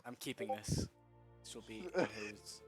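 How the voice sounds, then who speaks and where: A man's voice: on the low side, moderate pace, faint music behind. Laid-back male game master. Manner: laughing, loose, swearing. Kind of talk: narrating a tabletop game.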